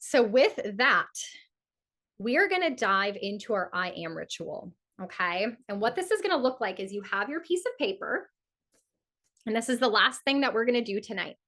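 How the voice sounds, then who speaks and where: A woman astrologer leading a live community event, teaching in a lively way and acting out inner voices with repeated phrases for emphasis. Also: a little high, moderate pace. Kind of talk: energetic teaching talk with guided ritual.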